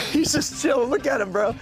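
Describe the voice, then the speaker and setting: A man's voice: very high voice, moderate pace. A man hosting a show, greeting people and joking crudely as he walks through a venue, a bit out of breath. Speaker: show host. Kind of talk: casual walk-through vlog. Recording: music playing loud behind.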